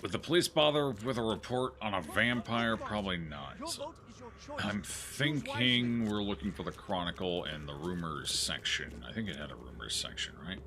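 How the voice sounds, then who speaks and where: A man's voice: lowish voice, sing-song, moderate pace, a crowd in the background. A man streaming a horror game, joking and thinking aloud as he plays. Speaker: gaming streamer. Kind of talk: casual let's-play commentary.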